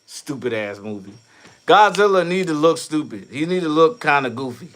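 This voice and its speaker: A man hosting a casual livestream, reading chat and riffing loudly with profane jokes, from New York. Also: on the high side, expressive, normal speed. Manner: loud, profane, laughing riffs.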